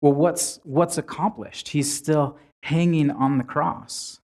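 A man's voice: a little high, fairly even intonation, slow pace, darkish tone. A man preaching a sermon in a conversational way, retelling scripture with frequent restarts.

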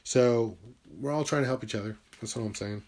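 A man talking through a rambling, confessional video monologue about self-help and his writing. He swears freely and his voice swings from loud, heated bursts to quiet muttering. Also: mid-range voice, fairly quick.

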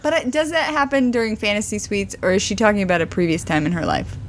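A woman's voice: mid-range voice, sing-song, quick pace, slight background noise. A woman co-hosting a casual podcast about reality TV, with a wry, joking and teasing manner. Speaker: podcast co-host. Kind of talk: casual reality-TV recap chat.

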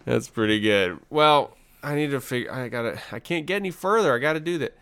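A man's voice: mid-range voice, animated, a little fast, fairly bright tone, clear, resonant tone. A man co-hosting a podcast in casual chat, rambling with fillers and playing at being offended. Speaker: podcast co-host.

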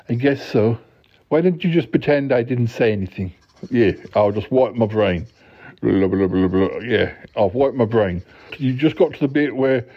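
A man hosting a podcast who tells a comic bedtime story in a deadpan, rambling way, full of halting restarts. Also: medium pitch. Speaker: podcast host. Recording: dull lo-fi recording.

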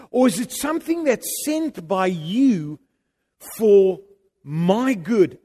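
Brief: middle-aged male preacher, slightly high voice, animated sermon storytelling, loud then hushed. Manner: animated, swings from loud emphasis to quiet intimacy.

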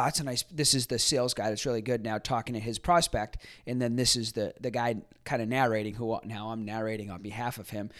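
A man hosting a podcast, talking casually and reflectively with many fillers and restarts. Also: medium pitch. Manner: acts out quoted people in a livelier voice. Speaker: podcast host. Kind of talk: casual solo commentary.

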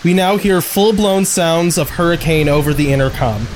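A game master narrates a tabletop game in a loose, casual way and laughs easily. The voice is at a middle pitch. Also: moderate pace, a little hiss or hum.

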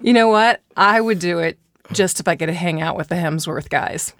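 A female voice actor co-hosting a casual podcast, talking in an animated, playful way. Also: lowish voice, no echo, clean studio sound. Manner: animated, playful, quick to laugh.

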